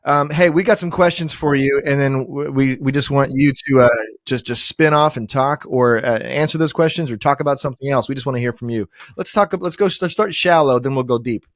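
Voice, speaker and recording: A man's voice: medium pitch, fairly quick, no room sound, studio quality. A man hosting a podcast, chatting loosely and restarting his questions as he goes. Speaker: podcast host. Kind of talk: casual interview chat.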